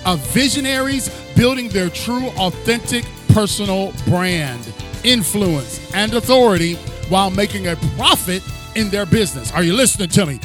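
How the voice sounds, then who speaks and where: A man hosting a podcast, introducing his guest with a sing-song, showman's build-up, then chatting casually over a remote link. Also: high-pitched. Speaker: podcast host. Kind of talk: hyped podcast introduction and chat.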